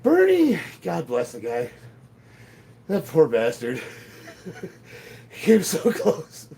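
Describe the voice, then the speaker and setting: Brief: gravelly fifties male gym vlogger, lively delivery, blunt and profane, faint room hum. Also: on the high side, takes it slowly. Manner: profane, blunt, laughs often. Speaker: strength training vlogger. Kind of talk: casual rambling chat while lifting. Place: home gym.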